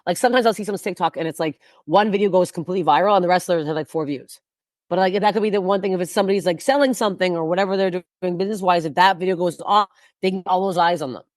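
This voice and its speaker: A woman's voice: fairly low pitch, racing, no room sound, clean studio sound. A woman comedian talking bluntly and profanely in a casual podcast chat, rambling with frequent restarts. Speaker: guest comedian.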